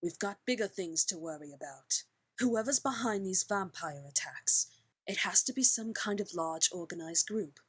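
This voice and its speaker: Curt no-nonsense boss, husky voice, mid pitch. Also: female voice, expressive, moderate pace, rough recording. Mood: stern. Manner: curt, firm. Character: stern, no-nonsense woman in charge.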